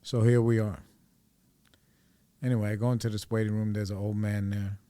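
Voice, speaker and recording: A man's voice: lowish voice, level tone, moderate pace, warm tone, clean tone, no echo. A man in his forties hosting a podcast, telling a personal story in a rambling, candid, profane way. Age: 40s. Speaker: podcast host.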